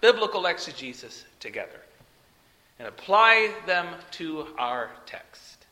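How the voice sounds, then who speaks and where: A male preacher delivering an expository sermon, emphatic, swinging from loud peaks to soft trailing phrase ends, mocking when quoting a rival teacher. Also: a little high, sing-song, a little slow. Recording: long hall reverb.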